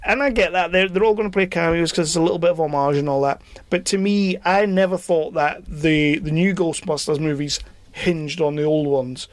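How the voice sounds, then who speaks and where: A man's voice: a little high, steady tone, normal speed, dry recording. A man hosting a podcast, giving opinionated casual film reviews and often repeating words as he starts a sentence. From Britain. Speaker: podcast host.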